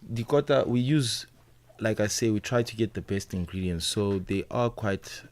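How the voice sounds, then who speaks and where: A South African man, a restaurant owner, explaining his business in a measured, businesslike way on a radio interview. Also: fairly low pitch, a little mellow.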